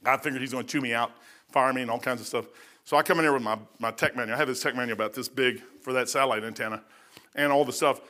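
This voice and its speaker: A man's voice: mid-range voice, steady tone, fast talker, sharp tone. A middle-aged man preaching a sermon, folksy and blunt, telling stories between scripture. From United States. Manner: folksy, blunt, conversational, many fillers and asides.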